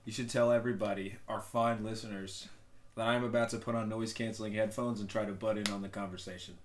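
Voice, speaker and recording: A young man co-hosting a casual podcast, rambling and often mumbling quietly. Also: lowish voice, flat delivery, fast talker, slight background noise. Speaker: podcast co-host. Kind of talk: casual chat.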